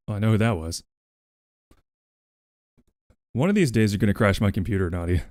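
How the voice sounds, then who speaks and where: A man's voice: fairly low pitch, lively intonation, very fast, few pauses, a little mellow, no room sound, clean studio sound. A man chatting casually on a co-working livestream, laughing often and swearing freely. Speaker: streamer.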